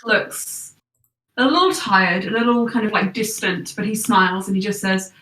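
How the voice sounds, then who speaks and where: A woman's voice: medium pitch, moderate pace, far from the mic. Game master woman in a roomy room. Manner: relaxed, chatty narration with fillers. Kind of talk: narrating a tabletop game.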